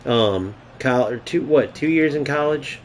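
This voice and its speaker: A man's voice: mid-range voice, unhurried. A young man giving casual, profane running commentary while playing a football video game, trash-talking his opponent. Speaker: gaming streamer. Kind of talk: live gameplay commentary.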